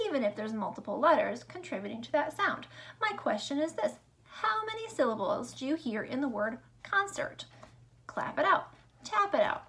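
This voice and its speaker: A woman teaching a remote lesson to young children, upbeat and sing-song, speaking slowly and clearly. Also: high-pitched, a bit bright, a little hiss or hum. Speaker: elementary school teacher.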